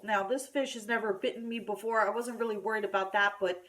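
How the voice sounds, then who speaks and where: A woman telling a story in a casual home vlog, chatty and animated, with plenty of fillers and restarts. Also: medium pitch, quick pace. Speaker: vlogger. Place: at home by a kitchen counter.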